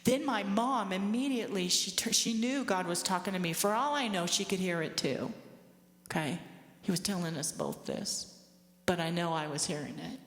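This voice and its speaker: A woman's voice: on the low side, lively intonation, moderate pace. A woman in her fifties giving a personal testimony to an audience, earnest and conversational, with asides to her listeners. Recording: echoey hall with long reverb.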